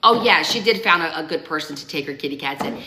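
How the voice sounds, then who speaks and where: A woman's voice: sits low, fast talker. A woman telling stories with a laugh in casual livestream chat. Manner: animated, laughing storyteller. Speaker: livestream co-host. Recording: echoey room with background noise.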